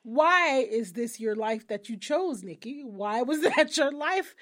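A woman in her thirties telling stories in a casual chat, animated and profane, often breaking into laughter. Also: a little high, a little slow. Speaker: podcast co-host.

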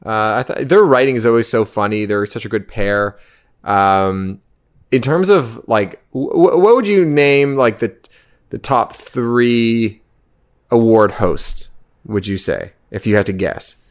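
A man's voice: fairly low pitch, a little slow. A man co-hosting a casual podcast chat, hesitant and full of fillers and restarts.

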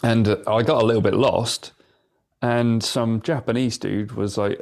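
A man co-hosting a podcast, chatting casually and telling anecdotes with relaxed slang. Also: mid-range voice, moderate pace, vocal fry. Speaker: podcast co-host. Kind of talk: casual chat.

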